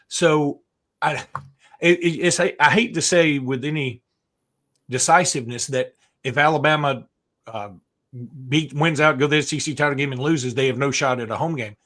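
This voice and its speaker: A man co-hosting a college football podcast, talking in a rambling, animated way with many restarts. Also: fairly high pitch, moderate pace. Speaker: sports podcast co-host. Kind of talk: casual sports chat.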